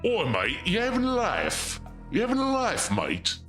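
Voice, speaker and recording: A man's voice: sits high, huge pitch swings, normal speed, a bit bright, faint music behind, voice pushed up, full character voice. A man putting on a rowdy cockney bloke with a put-on Cockney accent, brash and mocking. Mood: cheeky.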